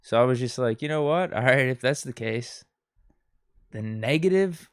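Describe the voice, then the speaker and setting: Male podcast host, mid-pitched, easygoing and self-mocking, dry close-miked sound. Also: moderate pace, clear, resonant tone, dry recording. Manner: relaxed, self-deprecating, reads out listener shout-outs. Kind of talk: casual sports podcast chat.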